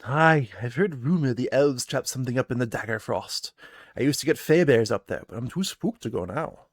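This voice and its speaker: A man voicing a gruff human woman trapper who talks in old-fashioned phrases with an accent that is hard to place, as part of a solo tabletop game. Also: medium pitch, expressive, brisk, dry recording, studio quality.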